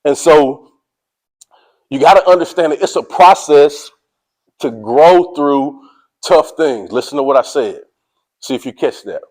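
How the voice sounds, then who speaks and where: A man giving a motivational speech to a sports team, energetic and preachy, speaking in casual slang and calling out to his listeners. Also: on the high side, measured pace, long pauses, rough recording. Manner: casual slang, drawls "y'all".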